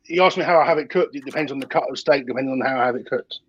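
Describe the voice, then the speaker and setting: A man's voice: medium pitch, racing, fairly bright tone, highs cut off, a little hiss or hum. A British man as a podcast guest, talking casually in plain, matter-of-fact sentences over a remote call. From United Kingdom. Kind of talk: casual chat.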